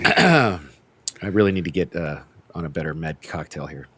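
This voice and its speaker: A man's voice: low voice, lively intonation, moderate pace, fairly bright tone, slightly rough. A man hosting a casual review podcast, joking around and often restarting his sentences. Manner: joking, flustered, lots of restarts. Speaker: podcast host.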